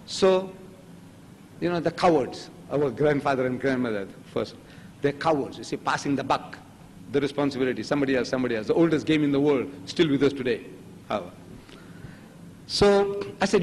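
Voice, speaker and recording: A man's voice: fairly high pitch, fairly quick, long reverb tail, a little hiss or hum, low-quality recording. An older man whose first language is Gujarati, giving a religious lecture and acting out the dialogue of the stories he tells. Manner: animated storytelling, acting out dialogue.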